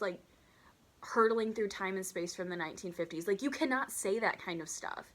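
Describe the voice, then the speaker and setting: A woman telling stories from her waitressing days in an animated, incredulous way, with dramatic outbursts and a lot of "like.". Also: mid-range voice, moderate pace. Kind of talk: storytime vlog.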